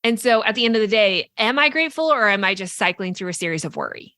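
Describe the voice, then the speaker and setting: A woman's voice: mid-range voice, lively intonation, fast talker, sharp tone, no echo. A woman co-hosting a podcast, talking earnestly in casual reflective chat, full of "like" and "right?" as she explains. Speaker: podcast co-host.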